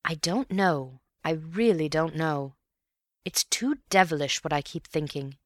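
A thoughtful, earnest man, voiced by a woman narrator in a storybook reading, speaking slowly and with weight. The low voice stays close and dry. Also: dry recording. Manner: slow, earnest, measured.

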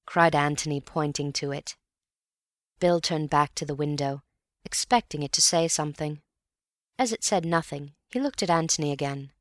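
Woman reading a mystery audiobook, low voice, steady, dry close sound. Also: dry recording. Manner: measured, steady storytelling. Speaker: narrator. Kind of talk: audiobook narration of a classic mystery novel.

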